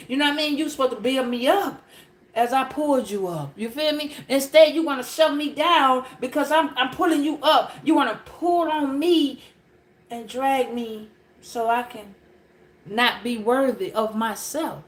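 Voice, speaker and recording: A woman's voice: high voice, moderate pace, roomy sound. A woman giving a casual spiritual message to a live chat, emphatic and preachy, repeating her phrases and talking straight to her viewers.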